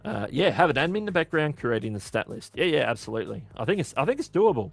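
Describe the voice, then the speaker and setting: A man's voice: mid-range voice, sing-song, fast, vocal fry, no room sound, faint music behind. An Australian man hosting a casual live-stream Q&A, chatty and often correcting himself mid-sentence. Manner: chatty, self-correcting, answering chat questions. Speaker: livestream host.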